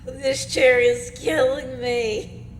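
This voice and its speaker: A woman's voice: sits high, steady tone, takes it slowly, a little hiss or hum. A woman playing a video game with friends, chatting playfully and giggling. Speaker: game streamer. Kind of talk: casual let's-play chat.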